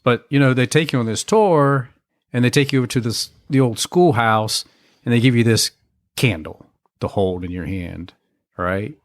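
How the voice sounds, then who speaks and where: A man's voice: mid-range voice, normal speed, no room sound, studio quality. A man co-hosting a podcast, telling stories in a rambling, agreeable way. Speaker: podcast co-host. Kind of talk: casual chat.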